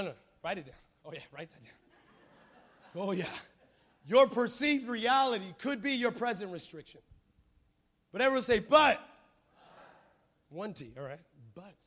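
Male preacher with a high voice, animated and jokey, uses call-and-response. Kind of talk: sermon with storytelling.

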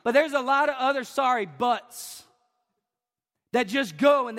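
A man preaching a fervent sermon as pastor, moving between shouted peaks and chatty asides. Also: very high-pitched, animated, normal speed, long reverb tail. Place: church sanctuary.

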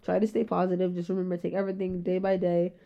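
A young woman in her twenties hosting a solo podcast, rambling in very fast casual chat with a rough-sounding voice. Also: lowish voice, monotone, dull audio. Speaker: podcast host.

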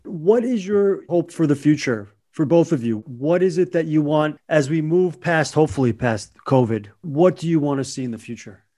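A man's voice: on the high side, expressive, normal speed, hardly any pauses, dark tone. A man interviewing a guest in a casual chat, laughing along and enthusiastic. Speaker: interviewer and producer.

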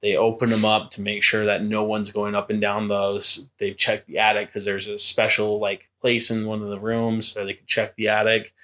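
A young man telling a ghost story in a relaxed podcast chat, with a fairly low voice. He acts out each quoted voice and the creaking steps with lively emphasis. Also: normal speed, few pauses. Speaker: podcast co-host. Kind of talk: casual storytelling.

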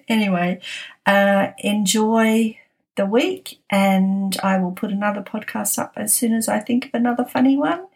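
A woman's voice: medium pitch, steady tone, a little slow, creaky, darkish tone. A middle-aged woman hosting a podcast, telling workplace anecdotes in a casual, chatty way and laughing often. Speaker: podcast host.

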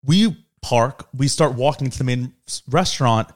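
A young man co-hosting a podcast, telling a story in a casual, animated way and acting out the quotes. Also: normal speed. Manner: animated storyteller, acts out quotes with leaps in pitch. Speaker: podcast co-host.

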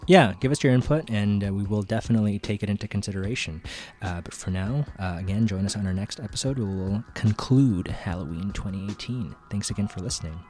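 A man's voice: on the low side, brisk, a little mellow, faint music behind. A man hosting a casual movie podcast, talking in a loose, chatty way with filler words. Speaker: podcast host.

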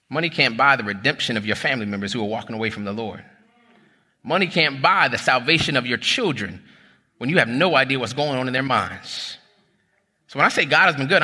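A man, a pastor preaching a sermon, telling a personal story in a lively, conversational way and calling the crowd "y'all". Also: medium pitch, husky, in a large hall.

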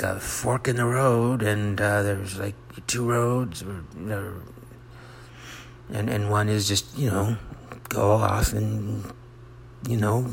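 A middle-aged man talks in a rambling personal monologue, his low voice rough with a gravelly edge. He stops and restarts, mocks himself, and keeps slipping into quiet whispered asides. A faint hum of ambient noise sits behind him. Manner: halting, self-mocking, drops into soft whispered asides. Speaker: monologue host.

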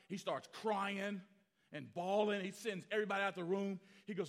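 Bright high-voiced preaching pastor. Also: male voice, brisk. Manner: animated, acts out quotes, swings from loud to hushed. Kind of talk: sermon storytelling.

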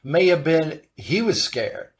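A man's voice: fairly high pitch, big pitch swings, slow. Hesitant male podcast host. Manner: supportive, hesitant, with many "uh" restarts. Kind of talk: conversational interview.

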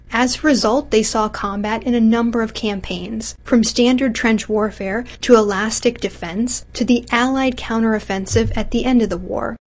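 A woman reading a scripted history narration in an even, measured way. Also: on the high side.

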